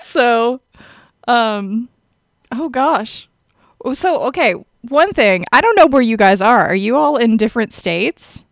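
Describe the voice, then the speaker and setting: A woman's voice: a little high, expressive, slow pace, creaky, no room sound, clean studio sound. A woman hosting a podcast in casual chat, laughing often between remarks, recorded over a remote call. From Asheville, North Carolina (lives there). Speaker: podcast host.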